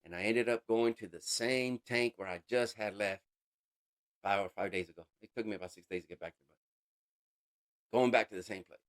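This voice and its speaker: Emotional man telling his recovery story. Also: fairly low pitch. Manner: emotional, halting, casual slang. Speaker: interview guest sharing a recovery story. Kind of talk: personal testimony.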